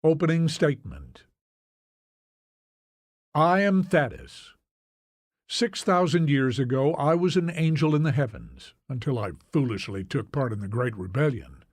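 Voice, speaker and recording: Man with an expressive, solemn storytelling voice. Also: medium pitch, unhurried, no room sound. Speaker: audiobook narrator. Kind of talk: dramatic audiobook narration.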